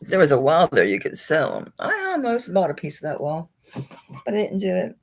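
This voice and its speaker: A woman's voice: low-pitched, wildly swooping pitch, a little fast. A woman hosting a live jewelry auction stream, chatting casually, chuckling and talking to the pieces she holds.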